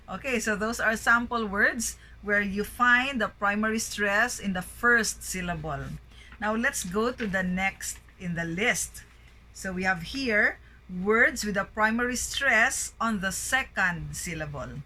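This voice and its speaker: A woman teaching English word stress, reading word lists aloud slowly and clearly with careful enunciation. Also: mid-range voice, expressive, pushed and bright.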